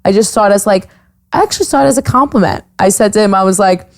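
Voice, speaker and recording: A woman's voice: mid-range voice, fast. Blunt young woman podcast host. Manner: blunt, laughs often, acts out quotes. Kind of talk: casual chat.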